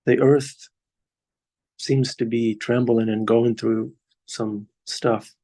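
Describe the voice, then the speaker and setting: A man leading a devotional scripture class over a video call, talking in a halting way with many pauses. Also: mid-range voice, steady tone, warm tone. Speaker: class leader.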